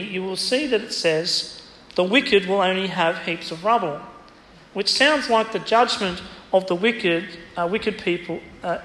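A man's voice: high voice, a bit bright. A man preaching an expository sermon in a church, teaching through a Bible passage and quoting it with emphasis. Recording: echoey church hall, faint ambience.

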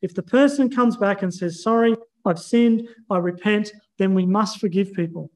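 Man, preacher, high-pitched voice, measured earnest sermon delivery. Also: poor audio. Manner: earnest, measured teaching with scripture readings.

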